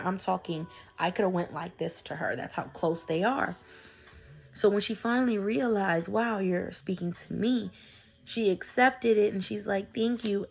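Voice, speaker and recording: A woman tarot reader chatting animatedly through a casual vlog story, slangy and excited. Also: on the low side, rough recording. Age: adult with young children.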